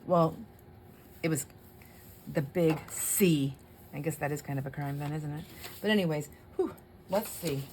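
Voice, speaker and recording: Low-voiced woman chatting while crafting. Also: slight background noise. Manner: chatty, laughs often, talks to herself while working. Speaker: craft channel host. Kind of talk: casual crafting chat to viewers.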